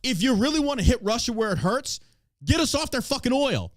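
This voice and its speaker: A man's voice: very high-pitched, sing-song, brisk, no echo, clean studio sound. A man hosting a podcast, ranting in heated, profane and emphatic bursts. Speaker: podcast host. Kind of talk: ranting political podcast talk.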